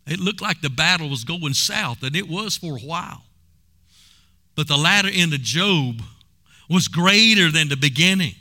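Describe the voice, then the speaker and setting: Male preacher, storytelling, fervent call-outs, high and very bright. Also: lively intonation, normal speed. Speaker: pastor. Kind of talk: sermon.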